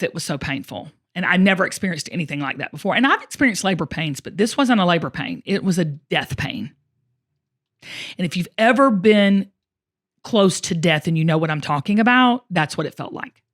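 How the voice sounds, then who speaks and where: Expressive woman host telling a story. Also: on the low side, brisk. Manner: emotional and expressive, often addressing listeners directly. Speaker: show host. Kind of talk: personal storytelling in casual conversation.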